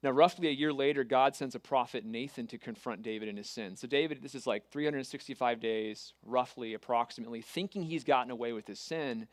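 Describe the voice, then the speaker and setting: A man preaching a sermon, retelling a scripture story with earnest, dramatic pauses and reading scripture aloud. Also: medium pitch, no room sound.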